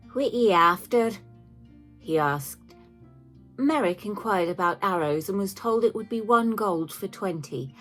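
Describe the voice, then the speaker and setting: A woman game master narrating a tabletop campaign recap in a measured way with dry asides. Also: lowish voice. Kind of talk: scripted narration. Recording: faint background music.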